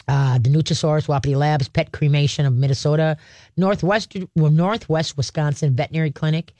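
In clean studio sound with no room sound, a slightly high male voice hosts a dog-themed call-in radio show. The dog trainer dishes out folksy, conversational advice and keeps asking "okay?" and "all right?"

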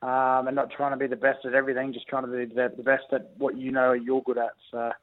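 A young Australian man, a rugby league player, chatting easygoingly in a phone interview, halting with many ums and restarts. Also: medium pitch, completely flat delivery. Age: young adult. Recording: tinny phone line.

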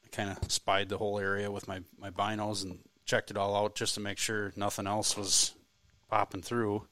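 A man's voice: lowish voice, monotone, normal speed, pushed and bright, no room sound. A man from the telling a hunting story in a laid-back, self-deprecating way on a podcast. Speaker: co-host, hunter. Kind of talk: casual storytelling chat.

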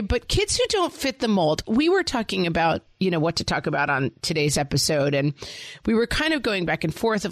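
A woman in her forties co-hosting a podcast, chatting in a wry, animated way and acting out her kids' voices. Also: medium pitch, no room sound. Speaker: podcast co-host. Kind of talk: casual chat.

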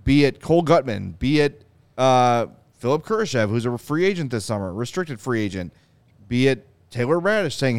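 A man's voice: mid-range voice, moderate pace, clear, resonant tone, no echo. Emphatic man hosting a sports podcast. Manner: animated, emphatic, quotes players in asides. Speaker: podcast host. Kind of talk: casual sports talk.

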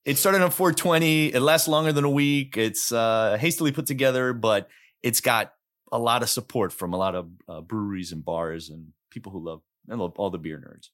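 A middle-aged man hosts a podcast in relaxed, chatty conversation. His talk is loose and informal, dotted with "like" and "bro.". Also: mid-range voice, moderate pace. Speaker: podcast host. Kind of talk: casual chat.

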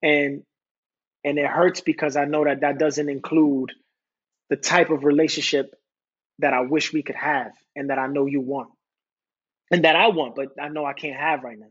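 A man with a New York accent speaks as a podcast guest, stumbling over his words and restarting his sentences as he opens up. His voice is husky and sits a little high for a man. The recording sounds dull and lo-fi. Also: steady tone, fairly bright tone. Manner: halting, repeats words and restarts, recites his own lyrics. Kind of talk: candid conversational talk.

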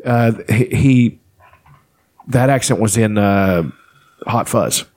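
A man's voice: on the low side, takes it slowly, darkish tone, dry recording. A man in casual chat as a podcast co-host, rambling, laughing often and swearing freely.

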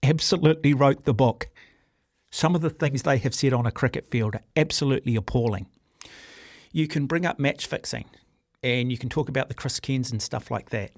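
A middle-aged New Zealand man hosts talkback sports radio from a studio mic, forthright and ranting in an average-pitched voice. The sound is close and dry, with no room around it. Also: fairly quick, no room sound. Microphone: studio microphone.

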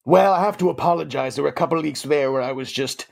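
A man's voice: a little high, fast talker, vocal fry. A man putting on a comic voice of a boastful alien titan villain on a sports talk show, speaking with pompous theatrical grandeur. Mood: mock-grand. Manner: pompous, theatrical, playful third-person boasts. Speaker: fantasy football guest in character. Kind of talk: comic character bit on a sports podcast.

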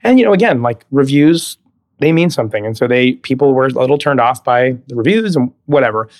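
On a casual interview podcast, the guest is a Broadway actor, a man in his thirties from California. His mid-range voice is animated and brisk, and he laughs frequently while acting out lines in his stories.

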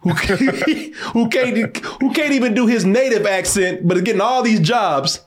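A man co-hosting a casual chat, animated, laughing often and swearing freely. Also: high voice, moderate pace. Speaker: podcast co-host.

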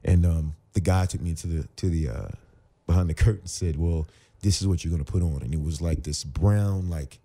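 A man around forty with a deep, mellow voice tells a story as a podcast guest. He acts out each side of the conversations in lively fashion, recalling his days as a football player turned actor. The voice is low and warm throughout. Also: a little fast. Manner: animated storyteller who acts out both sides of conversations. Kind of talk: casual storytelling interview.

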